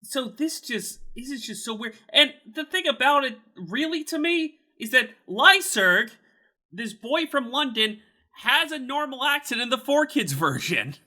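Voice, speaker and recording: A man hosting a casual podcast chat, animated, incredulous and swearing freely. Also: extremely high pitch, a little slow. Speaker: podcast host.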